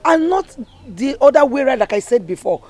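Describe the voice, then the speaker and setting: A woman's voice: high voice, very animated, a little fast, warm tone. An actress with a Nigerian accent playing a worried village mother who lectures and pleads earnestly. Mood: lecturing. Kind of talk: Nollywood film drama.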